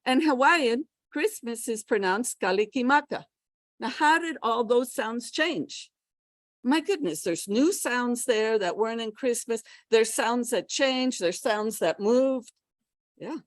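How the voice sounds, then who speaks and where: Lively, high-voiced American woman teaching. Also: takes it slowly, no echo. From United States. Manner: lively teacher, checks in with okay and all right. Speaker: pronunciation workshop presenter. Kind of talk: lecturing to a class.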